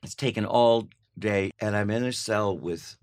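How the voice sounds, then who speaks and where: Older man telling a lively story. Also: on the low side, measured pace. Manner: animated anecdote with laughs. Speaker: guest. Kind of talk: casual chat, storytelling.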